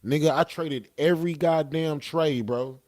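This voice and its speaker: A man's voice: a little high, measured pace, darkish tone. A young man telling a story casually as a podcast guest, laid-back and profane, often tagging lines with "you know what I'm saying.".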